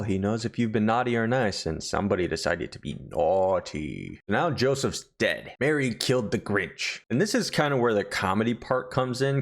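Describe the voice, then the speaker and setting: A young adult man reviewing a horror series in a casual, profane, rambling joking style. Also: on the low side.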